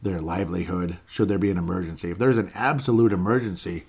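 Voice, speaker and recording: A man's voice: low voice, fast talker, vocal fry, a little mellow, breathy edge. A man hosting a podcast, delivering a rambling, heated political commentary monologue full of fillers and restarts. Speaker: podcast host.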